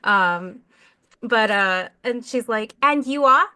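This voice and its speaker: A woman playing a tabletop role-playing game, talking quickly and joking as she describes her character. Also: fairly high pitch, expressive, sharp tone, clear, resonant tone. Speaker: player.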